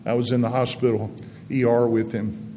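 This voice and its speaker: A man's voice: medium pitch, level tone, normal speed. Man in his sixties, guest preacher, folksy storyteller, reverberant hall, faint hiss. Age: 60s. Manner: folksy storytelling, gentle and earnest. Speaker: guest speaker. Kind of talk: testimony-style sermon. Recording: long reverb in a hall, faint background noise.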